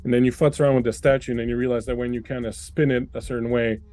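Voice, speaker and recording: A man's voice: mid-range voice, little pitch movement, very fast, warm tone, soft background music. A man narrating as game master in a tabletop game, rambling with many fillers. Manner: meandering, filler-heavy.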